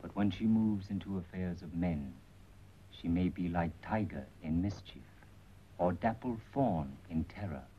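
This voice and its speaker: An actor playing a watchful man who speaks in measured proverbs and clipped broken English in a 1930s film. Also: low voice, a little hiss or hum. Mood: calm. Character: watchful, aphorism-spouting male observer. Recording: muffled old 1930s film soundtrack.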